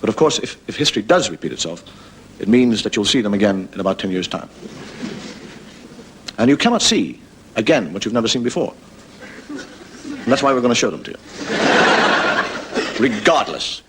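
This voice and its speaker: A man telling stand-up stories with a wry, deadpan delivery as the host of a comedy show. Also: on the low side, slight background noise, rough recording. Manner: wry, deadpan storytelling with quick voices for characters. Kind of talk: stand-up storytelling. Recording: studio audience laughing.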